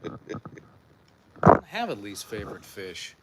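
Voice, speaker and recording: A man's voice: fairly low pitch, huge pitch swings, a little slow, very noisy. A man co-anchoring a morning TV news show, reading news items and giving dry, laid-back replies in banter.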